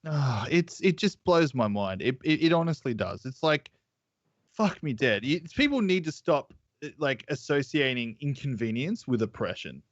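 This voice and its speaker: A man's voice: mid-range voice, very animated, moderate pace, dry recording. Blunt, ranting man on a dull call. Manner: blunt, exasperated ranting, swears. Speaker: regular guest. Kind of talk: casual group video chat. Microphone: video call. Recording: dull dry call audio.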